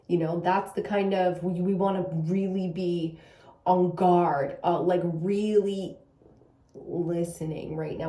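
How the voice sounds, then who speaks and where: A woman's voice: on the low side, steady tone, slow, mellow, roomy sound. A young Canadian woman giving a casual tarot reading, rambling loosely and swearing freely. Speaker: tarot reader.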